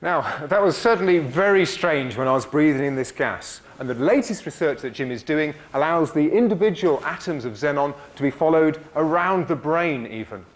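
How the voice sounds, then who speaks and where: A man's voice: fairly high pitch, expressive, normal speed, few pauses. A man giving a live science demonstration lecture to an audience, upbeat and encouraging.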